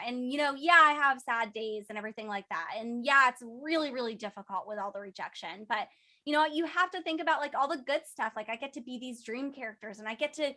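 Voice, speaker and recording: Bubbly young actress type, high and bright, chatty and emotional. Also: female voice. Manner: bubbly, emotional, talks with lots of "like". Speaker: voice actress and singer. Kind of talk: casual interview answers.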